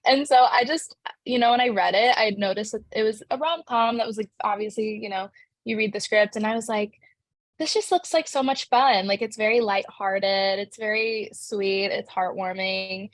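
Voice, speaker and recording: A woman's voice: mid-range voice, fairly even intonation, normal speed, no echo. A young woman, an actress, answering interview questions in a bubbly, chatty way, full of "like" fillers.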